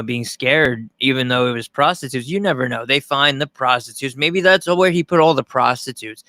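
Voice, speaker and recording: A man from Long Island talks loosely on a livestream, swearing freely and tripping over his own restarts. His voice is bright and forward, at a middle pitch. The sound is dry and close. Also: no echo. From Long Island, New York. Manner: rambling, profane, frequent restarts. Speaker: streamer reacting to a news clip. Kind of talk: casual livestream commentary.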